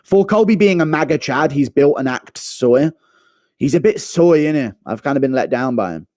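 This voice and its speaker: A man's voice: a little high, lively intonation, moderate pace, a little mellow, dry recording, clean studio sound. A young man streaming, ranting in a casual, profane, rambling way.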